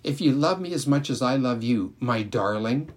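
A man reading aloud and voicing a bright, bossy schoolgirl who loves to scheme, with slow teasing emphasis. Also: medium pitch, animated, close to an everyday voice. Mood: scheming.

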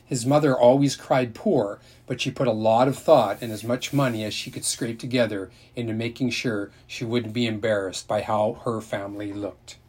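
A man reading a children's novel aloud in a steady, unhurried storytelling manner, with a husky voice. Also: medium pitch. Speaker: narrator.

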